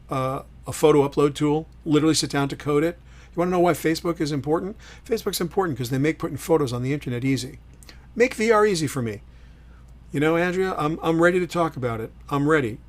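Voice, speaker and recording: A middle-aged man with a mid-range voice hosts a solo livestream. His talk is opinionated and emphatic, swinging between loud, punchy lines and quiet asides.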